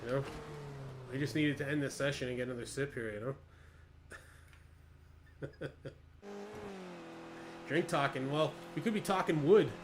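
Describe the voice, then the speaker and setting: A man's voice: mid-range voice, a little slow, pauses often, background noise. A man streaming a sim race, chatting and joking with viewers while he drives. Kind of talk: casual live-stream chat while racing.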